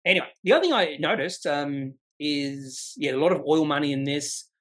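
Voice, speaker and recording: A man talks through the day's market news in a loose, rambling way. His voice sits a touch higher than most men's. He fills the gaps with asides and fillers as he goes. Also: lively intonation, moderate pace, a bit bright. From Australia. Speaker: stock market video host. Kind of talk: casual market commentary.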